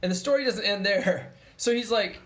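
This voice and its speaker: A young man with a fairly high-pitched voice tells a story in a relaxed vlog. He talks casually and curses often, with plenty of fillers and restarts. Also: normal speed. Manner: casual, profane, chatty with many fillers; mimics others in a raised voice when quoting them. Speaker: vlogger.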